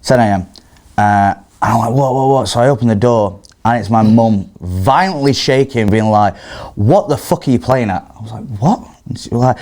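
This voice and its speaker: In a relaxed podcast chat, a young man tells a long anecdote in a lively, swearing, laugh-prone manner. His voice sits at a middle pitch for a man. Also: moderate pace. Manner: animated, swearing, laughs often while telling stories. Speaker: guest. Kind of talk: casual storytelling on a podcast.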